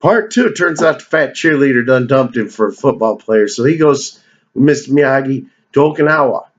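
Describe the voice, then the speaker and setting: Man, casual movie countdown vlog, rambling, profane, joking, mid-pitched voice, slightly muffled recording. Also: expressive, moderate pace. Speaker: movie review vlogger.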